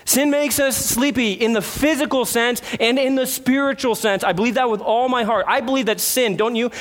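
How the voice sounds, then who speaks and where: A man preaching a sermon, earnest, with rhetorical questions and dramatic pauses. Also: high voice. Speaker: pastor.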